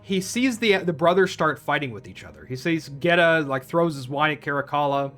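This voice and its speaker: This fairly high-pitched man sounds animated and fairly quick, his tone sharp, with soft music underneath. A film reviewer, he runs through a movie plot in a rambling, profane way, restarting and veering off repeatedly.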